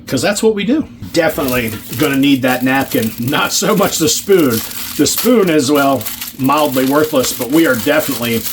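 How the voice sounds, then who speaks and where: A man's voice: medium pitch, a little hiss or hum. A man eating and reviewing food in a casual vlog, joking, sarcastic and swearing casually, humming and chewing as he talks. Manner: chews and hums with his mouth full. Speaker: ration review vlogger.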